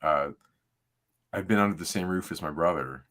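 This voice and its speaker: A man's voice: deep voice, normal speed, fairly bright tone. A middle-aged man co-hosting a livestream, talking in a rambling, laid-back way with plenty of fillers. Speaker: podcast co-host. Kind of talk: casual livestream chat.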